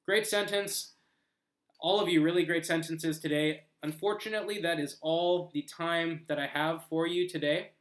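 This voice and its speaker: A man with a fairly high voice runs a live online English lesson. He reads viewers' comments aloud, stops to reread them, then patiently explains each sentence in a friendly, conversational way. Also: normal speed, fairly bright tone, reverberant. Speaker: English teacher.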